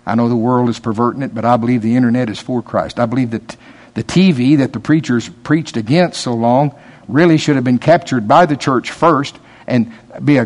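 A man preaching a sermon in a conversational way, laughing and teasing his listeners, rising in pitch and volume when he stresses a point. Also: fairly quick, darkish tone.

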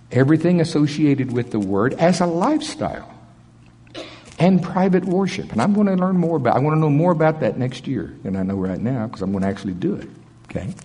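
A man's voice: medium pitch, dark tone, husky. A middle-aged man preaching a conversational sermon, telling stories in a folksy, plainspoken way and chuckling often. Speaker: pastor. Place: large auditorium. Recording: long reverb of a big auditorium.

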